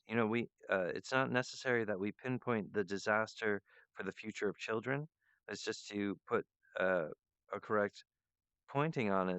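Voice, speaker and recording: In a meandering solo monologue that wanders freely between ideas, a male show host speaks with a lowish, smooth, fairly bright voice. The recording is dull, lo-fi, and dry, without any room sound.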